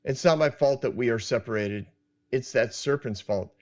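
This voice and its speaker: A man's voice: mid-range voice, moderate pace, natural voice. A man voicing the first woman as she defensively shifts the blame. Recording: dull lo-fi sound.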